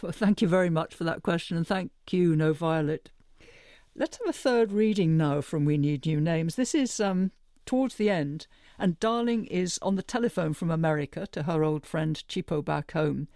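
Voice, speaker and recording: A man's voice: a little high, lively intonation, moderate pace, darkish tone, dry recording, clean studio sound. A man hosting a book discussion, introducing readings and listener questions. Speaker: host.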